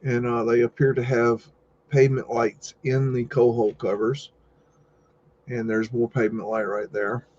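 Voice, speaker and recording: A man hosts a live stream, talking in a loose, rambling way and tossing out jokes and loud exclamations. His voice sits at a medium pitch. The recording sounds a little dull and lo-fi. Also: little pitch movement, moderate pace, slight background noise. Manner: rambling, joking, easygoing asides and loud exclamations. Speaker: host. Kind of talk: casual live-stream commentary over old photos.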